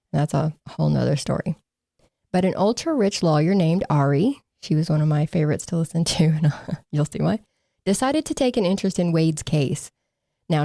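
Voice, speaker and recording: A woman's voice: on the low side, mellow, no room sound, clean studio sound. A woman co-hosting a casual true-crime podcast, sarcastic and laughing as she mocks the people she talks about. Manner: sarcastic, laughing, mocking quotes. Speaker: podcast co-host.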